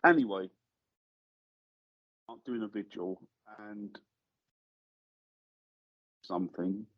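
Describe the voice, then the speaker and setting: A husky-voiced man is a guest in a studio, telling a story in a relaxed, conversational way. He acts out the voices of the people he quotes. The sound is close and dry, with a slightly dull edge. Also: fairly low pitch, takes it slowly, no echo. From England. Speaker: guest paranormal investigator. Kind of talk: casual storytelling anecdote.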